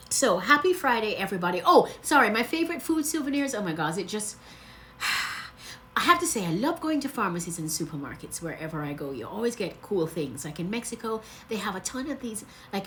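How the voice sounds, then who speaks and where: A woman's voice: medium pitch, a bit bright, a little hiss or hum. A woman chatting on a casual livestream, gushing and rambling, laughing often and sounding close to tears. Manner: rambling, loses her train of thought. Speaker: travel vlogger.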